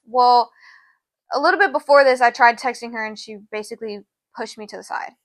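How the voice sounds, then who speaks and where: A woman's voice: fairly even intonation, fairly quick, no echo. A young woman co-hosting a podcast, telling a long personal story in a rambling, casual way. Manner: rambling, fillers like "da, da, da" and "low-key". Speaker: podcast co-host.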